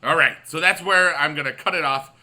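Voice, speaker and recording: Man, gaming channel host, bright tense voice, rambling upbeat late-night commentary full of fillers. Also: a little high, fairly quick. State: up late on caffeine. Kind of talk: casual gameplay commentary.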